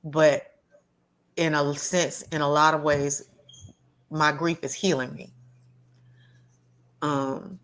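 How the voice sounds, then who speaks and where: Guest, female, low register, earnest and halting, heartfelt storytelling. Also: fairly even intonation, a bit bright. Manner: earnest, halting, with many restarts and repeated words; acts out quoted voices of others in her story.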